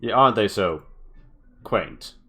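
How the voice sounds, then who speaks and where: A man voicing a posh woman who flatters and schmoozes strangers with a sales-pitch gush. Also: takes it slowly, full character voice. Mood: gossipy.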